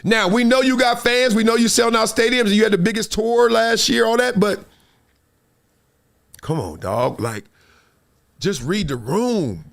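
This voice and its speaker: A middle-aged man with a Southern California accent hosts a live show and tells his story with a high, bouncing voice. He acts out the quotes as he goes and laughs often. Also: animated, unhurried, creaky, long pauses, a bit bright. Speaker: host.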